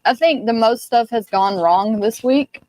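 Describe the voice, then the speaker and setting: A woman's voice: a little high, a little slow, a little mellow, poor audio. A woman co-hosting a casual knife livestream, reading out viewer comments in a teasing way.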